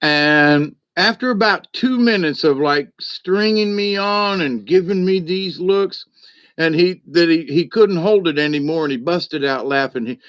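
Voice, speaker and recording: A man's voice: a little high, a little slow, fairly bright tone, no echo, highs cut off. Chatty man telling stories. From South Georgia, US. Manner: rambling and chatty, full of "you know" and "but anyway". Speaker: live-stream host. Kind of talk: casual storytelling to a live chat.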